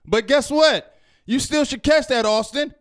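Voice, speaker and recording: A man hosting a sports reaction show, ranting heatedly and yelling at times. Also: very high-pitched, measured pace. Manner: loud, fired-up, repetitive, yells at times. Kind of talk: heated fan rant.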